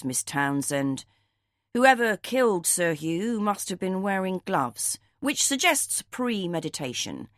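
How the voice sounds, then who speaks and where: A woman's voice: mid-range voice, a bit bright, no echo, studio quality. A woman voicing a brusque male police inspector in an audiobook, speaking curtly and with authority. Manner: curt, authoritative.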